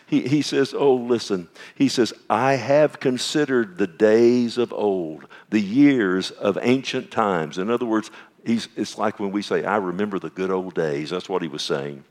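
A man preaching a sermon, swinging between loud emphatic scripture reading and soft hushed asides. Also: fairly low pitch, unhurried.

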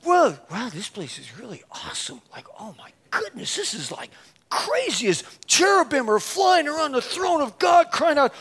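This man preaches in an extremely high voice at a moderate pace. He animatedly relates a funny, self-mocking story and acts out the dialogue, then presses his listeners onward, sometimes up to a shout.

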